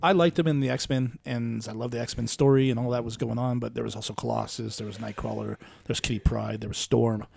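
A man's voice: medium pitch, fairly even intonation, fairly quick, gravelly, few pauses, darkish tone. A man co-hosting a comic book podcast in casual, rambling chat, laughing often.

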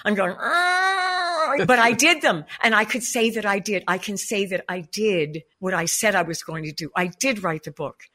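Bright-voiced, chatty older woman guest. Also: lowish voice, fairly even intonation, moderate pace, hardly any pauses. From United States. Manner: chatty and rambling, laughs easily. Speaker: guest, performer and vocal coach. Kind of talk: casual interview talk.

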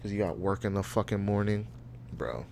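A man's voice: fairly low pitch, lively intonation, moderate pace, creaky, dark tone, a little hiss or hum. Profane young man ranting solo. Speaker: podcast host. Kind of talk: solo podcast rant.

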